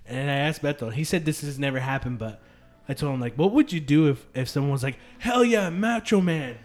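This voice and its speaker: A man's voice: mid-range voice, quick pace, a little mellow, soft background music. A young man co-hosting a casual podcast, telling profane stories and acting out quoted voices. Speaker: podcast co-host. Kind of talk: casual chat.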